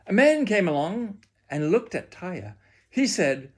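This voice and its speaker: A man reading a children's storybook aloud with expressive, drawn-out delivery. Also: high voice, breathy edge.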